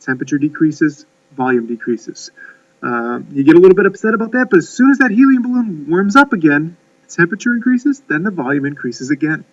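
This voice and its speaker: Folksy chemistry teacher, lo-fi distant mic. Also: male voice, on the high side, lively intonation, fairly quick. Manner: folksy, rambling, many "uh"s and restarts. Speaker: high school chemistry teacher. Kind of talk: recorded classroom lecture.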